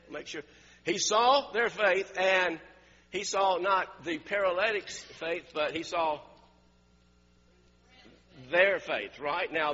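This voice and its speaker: Guy with a high bright voice preaching, keeps laughing mid story, lo-fi churchy echo. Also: slightly rough. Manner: storytelling, laughs often, repeats words. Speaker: pastor. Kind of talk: sermon.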